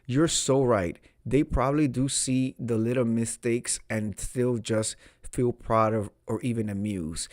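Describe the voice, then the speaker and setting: A man's voice: mid-range voice, steady tone, measured pace, a little mellow, dry recording. Campy guy reading confessions to his viewers, dry close sound, sassy little asides. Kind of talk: casual chat.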